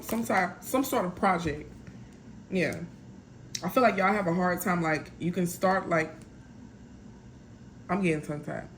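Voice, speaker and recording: A woman's voice: lowish voice, a little hiss or hum. A woman doing a casual tarot reading, chatty and blunt, talking straight to her viewers. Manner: chatty, blunt, lots of "y'all" and "like". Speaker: tarot reader.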